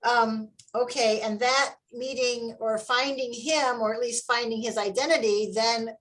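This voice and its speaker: Brief: woman host, higher pitch, eager chatty interviewer. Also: a little slow, rough recording. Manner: enthusiastic, animated when quoting herself. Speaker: interviewer, adoptive parent. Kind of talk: conversational webinar interview.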